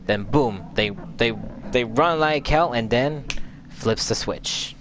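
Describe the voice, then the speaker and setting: A man's voice: mid-range voice, slow, a bit bright, a little hiss or hum. A man host casually recapping a video game story, rambling and repeating filler words as he recalls events. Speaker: gaming channel host.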